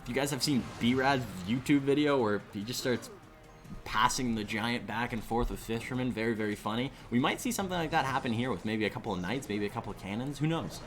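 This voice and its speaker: A man giving live esports commentary on a stream, excitable and rambling, often restarting his sentences. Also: medium pitch, a little fast, soft background music. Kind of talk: live esports commentary with chat shout-outs.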